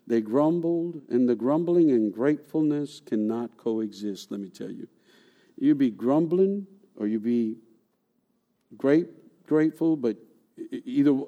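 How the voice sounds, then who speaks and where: A man preaching a sermon in an animated way. He asks rhetorical questions and repeats words for emphasis. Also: fairly high pitch, highs cut off. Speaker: pastor.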